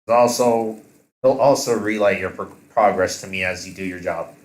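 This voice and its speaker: A man playing a steady heist boss. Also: low voice, moderate pace, roomy sound, lightly acted. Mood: commanding. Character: calm male heist boss, supervising.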